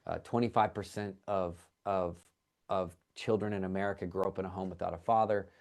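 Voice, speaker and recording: A man giving a casual livestream update for his ministry, talking excitedly, rambling and restarting his sentences. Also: low voice, brisk, gravelly. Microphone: call or livestream setup.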